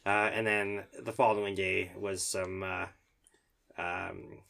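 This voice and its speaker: A man, a fire captain, telling a story in casual podcast chat, animated and peppered with "like," acting out the dialogue. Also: deep voice, slow, vocal fry, crowd noise. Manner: animated, acts out dialogue, lots of "like".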